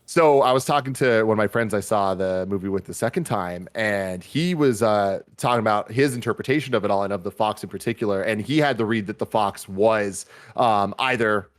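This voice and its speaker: A man's voice: lowish voice, a little fast, hardly any pauses. A man co-hosting a casual movie review podcast, rambling with many fillers and restarts. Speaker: podcast co-host.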